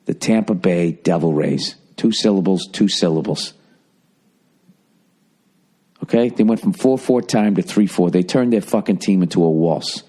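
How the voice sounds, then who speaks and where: A man hosting his own podcast, rambling alone and thinking out loud with constant swearing as he riffs on whatever he's looking at. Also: deep voice, a little fast, hardly any pauses. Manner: profane, riffing, thinking out loud. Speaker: podcast host. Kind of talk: rambling solo podcast monologue.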